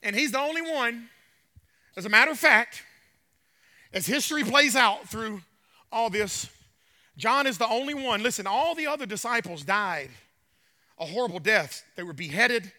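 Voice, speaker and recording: A man's voice: very high voice, lively intonation, moderate pace, long pauses, sharp tone. A man preaching a sermon in a church, emphatic and fiery, with joking asides. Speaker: pastor. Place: church sanctuary. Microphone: handheld mic with trouble.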